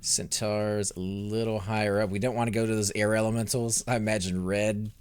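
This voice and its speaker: A young man hosting a let's play, commentating his fights and chatting with viewers, growing loud and excited during combat. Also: lowish voice, a little fast, smooth. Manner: excitable, reacts loudly to in-game fights, talks to chat. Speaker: gaming channel host.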